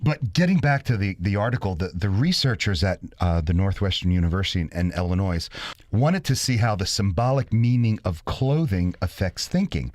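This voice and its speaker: Male radio co-host, low voice, dry close sound, casual rambling chat. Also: expressive, brisk, a little mellow, no room sound. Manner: rambling, retells a study loosely.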